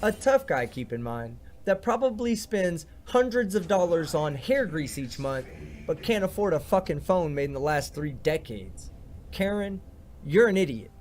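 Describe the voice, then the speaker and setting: A man's voice: a little high, sing-song, normal speed, darkish tone, a little hiss or hum. A man hosting a reaction video, delivering sarcastic commentary full of blunt, profane insults. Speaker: video host reacting to clips.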